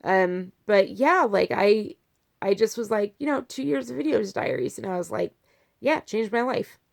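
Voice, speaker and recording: A woman talking in a casual video diary about her health, rambling with many "like" fillers and swinging between soft, heartfelt talk and fired-up outbursts. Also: medium pitch, sing-song, normal speed, gravelly. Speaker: vlogger sharing a health update.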